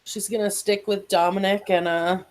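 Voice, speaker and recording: A woman playing a tabletop game, describing what her character does in a halting, hesitant way. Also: mid-range voice, little pitch movement, poor audio. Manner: hesitant, halting, laughs often.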